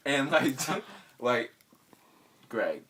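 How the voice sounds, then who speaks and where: A man's voice: medium pitch, drawn-out words, recorded from a distance, background noise. A young man telling a story to his friends in slangy casual talk, laughing as he goes. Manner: animated, slangy, often laughing mid-story. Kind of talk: casual anecdote among friends.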